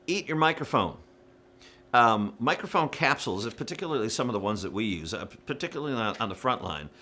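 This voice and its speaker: A man's voice: on the low side, sharp tone. A man giving frank, casual coaching to church singers, with plenty of fillers and little demonstrations. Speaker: worship music director. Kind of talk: instructional talk to church singers.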